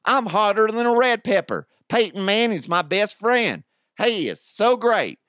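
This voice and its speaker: A man's voice: high voice, expressive, a little slow, fairly bright tone, dry recording, pitched above the performer's own voice. A giddy Cajun football player gushes about his best friend in a raised, lilting, put-on drawl, as a man puts him on. It is close-miked and dry, with no room sound. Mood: gushing. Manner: giddy, gushing. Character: over-excited Cajun football player, made-up impression.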